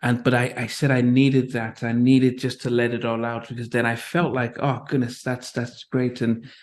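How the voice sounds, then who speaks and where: A middle-aged man from Nigeria hosting an interview, telling a story in a halting, reflective way with many restarts. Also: mid-range voice, level tone, a little mellow. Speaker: interview host. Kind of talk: interview conversation.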